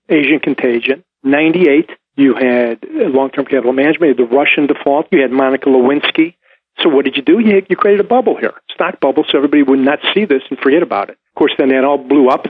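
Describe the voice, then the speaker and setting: A man's voice: mid-range voice, husky, no echo. A man giving opinionated commentary on the economy, emphatic and scornful of his opponents, heard over a phone line. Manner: emphatic, mocking voices of opponents. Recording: tinny phone-line sound.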